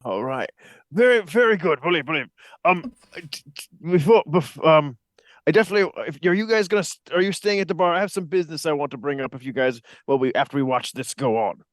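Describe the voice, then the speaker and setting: A man's voice: on the high side, lively intonation, a little fast, no echo. A man playing a character in a tabletop role-playing game, talking in hesitant stops and restarts. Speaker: player.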